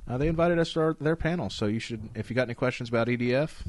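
A man hosting a casual gaming podcast, rambling excitedly and swearing now and then. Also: medium pitch, racing, slight background noise. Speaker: podcast host.

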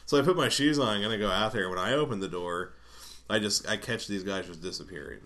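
A man's voice: fairly low pitch, quick pace, a bit bright. A man casually telling a rambling personal story, swearing often and laughing between lines.

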